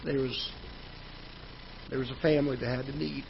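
A man, a pastor, preaching a sermon in a church auditorium, telling a personal story in a conversational way, growing loud at the frustrating parts. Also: medium pitch, steady tone, moderate pace, creaky. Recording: dull church livestream audio with faint noise.

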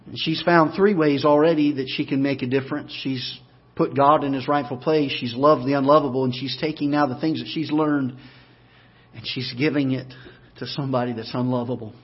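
A pastor preaching a sermon, moving from quiet, low talk up to loud, emphatic, repeated declarations. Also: male voice, fairly even intonation, brisk, slightly rough, highs cut off.

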